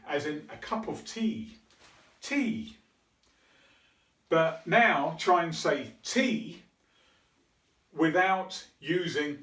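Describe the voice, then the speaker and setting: A man teaching a pronunciation lesson, slowly and carefully demonstrating sounds. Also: fairly high pitch, fairly bright tone. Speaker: English teacher. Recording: echoey room, mic at a distance.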